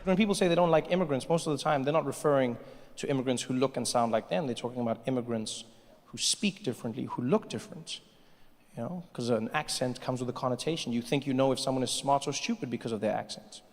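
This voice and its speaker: A man from Africa doing stand-up, telling stories with animated energy and jumping into put-on voices. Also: mid-range voice, fast talker. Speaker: stand-up comedian. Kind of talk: stand-up storytelling. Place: large comedy venue. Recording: live comedy hall with long reverb.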